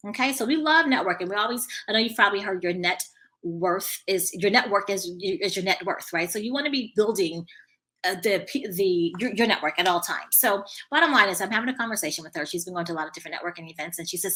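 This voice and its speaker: A woman hosting a podcast, telling a story in a casual, animated way and repeating herself often. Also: fast. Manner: animated, voices quotes in a much higher pitch. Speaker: podcast host. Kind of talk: storytelling monologue.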